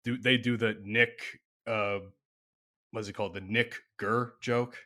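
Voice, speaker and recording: A man co-hosting a podcast, excitable and laughing often in casual chat. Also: mid-range voice, a little slow. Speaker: podcast co-host.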